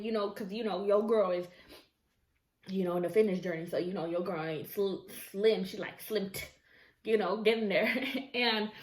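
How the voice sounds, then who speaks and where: A woman telling a story casually while eating on camera at home, chatty and expressive, with slangy asides to her viewers. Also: mid-range voice. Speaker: mukbang vlogger. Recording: echoey room.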